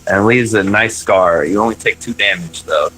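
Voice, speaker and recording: A man's voice: fairly low pitch, moderate pace, sharp tone, slightly rough, poor audio. A man narrating as game master in a tabletop role-playing game, in a hesitant way with many ums and restarts.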